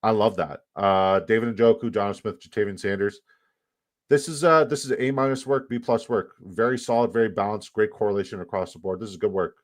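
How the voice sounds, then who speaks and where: A man hosting a live fantasy football draft stream, talking fast in joking, profane banter. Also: lowish voice, no room sound.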